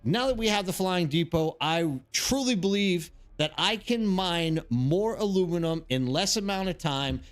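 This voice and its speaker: A man's voice: high voice, a little slow, hardly any pauses, faint music behind. Hyped-up male game streamer. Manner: energetic and chatty, greeting chat names. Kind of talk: live stream chatting to viewers.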